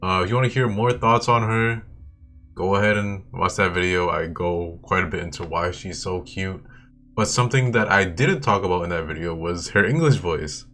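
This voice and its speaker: Excitable swearing young guy. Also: low voice, moderate pace. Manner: enthusiastic, swears often, repeats himself. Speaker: video host. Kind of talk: casual commentary. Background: faint game music.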